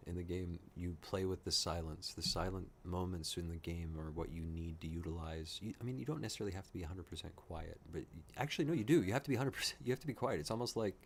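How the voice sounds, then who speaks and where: A low-voiced man reacts live as he watches, talking in excited, rambling bursts and swearing freely. Faint ambient noise hums behind his voice. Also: gravelly. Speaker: reaction streamer.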